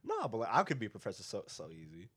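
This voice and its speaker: A man's voice: fairly low pitch, very fast, husky, no room sound. A young man with an African American English accent, a podcast co-host, joking and swearing loosely in casual chat. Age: young adult. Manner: animated, joking, swearing, slangy.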